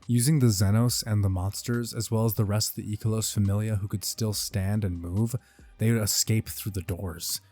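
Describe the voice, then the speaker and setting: A man's voice: lowish voice, steady tone, moderate pace, a little mellow, no echo. A man narrating a fan-made action story with dramatic, intense delivery. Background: faint music.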